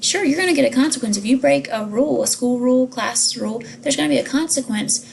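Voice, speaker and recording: Gravelly woman giving a staff training talk. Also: high voice, darkish tone, a little hiss or hum. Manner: measured, with many pauses and fillers.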